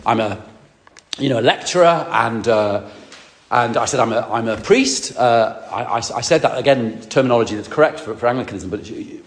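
A male priest preaching to a congregation, telling a personal story with many restarts and asides. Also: medium pitch. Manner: rambling, self-correcting storyteller with asides to the congregation.

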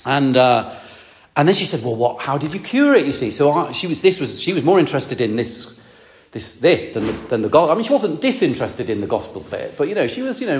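A man's voice: medium pitch, slight background noise. A male priest preaching to a congregation, telling a personal story with many restarts and asides. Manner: rambling, self-correcting storyteller with asides to the congregation.

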